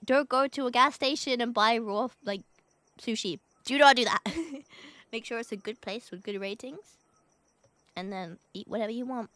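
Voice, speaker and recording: A woman's voice: a little high, normal speed, a bit bright, dry recording. Giggly young woman chatting on stream. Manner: chatty, giggly, thanks viewers for donations, swears casually. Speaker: VTuber streamer. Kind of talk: casual chat stream.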